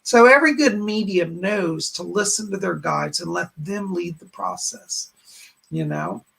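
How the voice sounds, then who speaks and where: Gravelly, husky-voiced man chatting on a live stream. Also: sits high, a little slow, a bit bright. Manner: chatty and rambling, greeting viewers by name. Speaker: psychic medium hosting a live stream. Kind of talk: casual live-stream chat.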